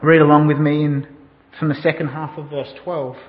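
A man's voice: on the high side, level tone, normal speed. A man preaching a sermon who tells a story and asks the listeners questions. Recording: dull sound in a reverberant hall.

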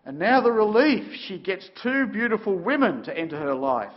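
A man preaching a sermon, telling the story dramatically with sudden shifts between loud and quiet. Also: sits high, lively intonation, moderate pace, dull audio.

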